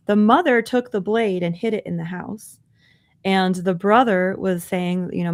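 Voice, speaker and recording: A woman's voice: lowish voice, fairly even intonation, normal speed, clean tone. A woman co-hosting a podcast, earnestly recounting a news story in conversational commentary. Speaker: podcast co-host.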